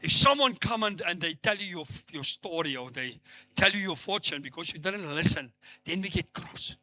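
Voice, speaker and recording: A man's voice: high-pitched, animated, moderate pace, sharp tone. A middle-aged man preaching a sermon as pastor, acting out the dialogue he quotes with rising emphasis. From South Africa.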